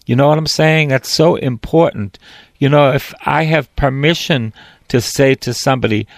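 A man's voice: mid-range voice, normal speed, creaky, dry recording. A priest preaching a sermon, reading scripture aloud and breaking off to explain it, lifting his voice when he quotes God or a prophet.

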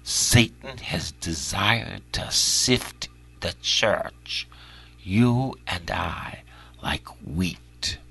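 Slow bright-voiced male preacher. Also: low voice, expressive, vocal fry, husky. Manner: repeats phrases, swings from loud cries to hushed whispers. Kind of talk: prayerful preaching.

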